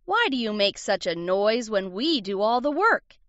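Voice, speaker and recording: A woman playing an indignant bellowing ox, storybook, slow and loud, muffled recording. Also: medium pitch, big pitch swings, no room sound. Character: annoyed hardworking male ox, bellowing. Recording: dull lo-fi recording.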